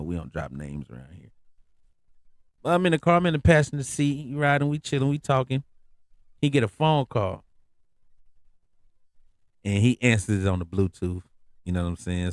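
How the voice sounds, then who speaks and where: A man's voice: low voice, no room sound, studio quality. A man hosting a podcast, telling a story in a casual, laid-back way, full of slang and repeated phrases. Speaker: podcast host.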